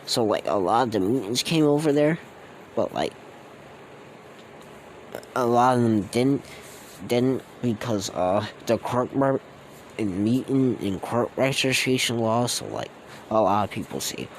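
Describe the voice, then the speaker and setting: A man's voice: mid-range voice, lively intonation, a little slow, long pauses, a little hiss or hum, low-quality recording. A man telling a fan-made story off the cuff, rambling and slangy, with many fillers and restarts. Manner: slangy and casual.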